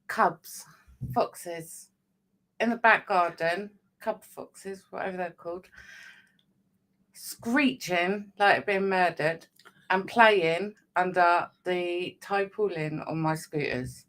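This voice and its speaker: A woman chatting casually on a live stream, her voice a little lower than most. She talks loosely and fills gaps with ums and sos. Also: takes it slowly, fairly bright tone. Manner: chatty, lots of fillers. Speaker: co-host of a weekly live stream. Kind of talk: casual chat.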